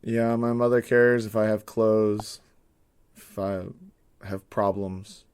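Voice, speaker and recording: An actor playing a troubled young male patient in a game, with a flat, withdrawn delivery. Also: on the low side, slow, smooth. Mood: glum.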